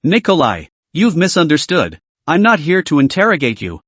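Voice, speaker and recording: Scheming male officer, calm and sly, fairly high lively voice, read by a man narrator. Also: normal speed, husky, no echo, full character voice.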